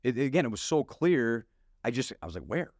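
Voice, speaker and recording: A man's voice: medium pitch, fairly quick, no room sound. A middle-aged pastor from Wisconsin tells his story with a voice that swings up and down. He laughs easily and acts out the people in it. The sound is dry and close. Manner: animated, laughs often, acts out dialogue. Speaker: guest pastor. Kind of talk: storytelling testimony.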